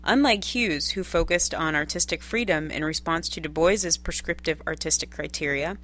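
Lower-voiced woman reading a literature lesson. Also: fairly bright tone. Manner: measured, posing many study questions. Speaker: lecturer reading course text.

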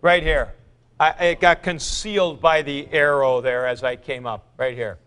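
Slow-talking man lecturing a class. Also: medium pitch, clean tone. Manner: lively, chanting noun forms aloud, taking student questions. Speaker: Greek grammar teacher.

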